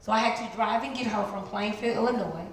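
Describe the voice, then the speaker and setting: A middle-aged woman from the Chicago area giving an animated testimony as a guest speaker in a church, jumping into high voices to act out what people said. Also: brisk. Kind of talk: testimony sermon. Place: large church hall. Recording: very echoey church hall, some noise.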